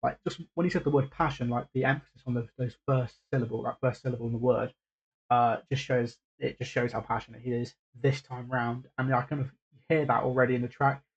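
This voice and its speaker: A man's voice: medium pitch, fairly even intonation, a little fast, husky, lo-fi sound. A man hosting a reaction video, talking casually and hesitantly with lots of fillers and restarts.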